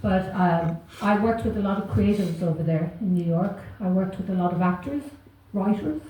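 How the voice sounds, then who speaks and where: A woman's voice: medium pitch, moderate pace, dark tone, heavy reverb, far from the mic, poor audio. An Irish woman doing a stand-up comedy set on stage, self-deprecating and wry, chuckling through her punchlines. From Ireland.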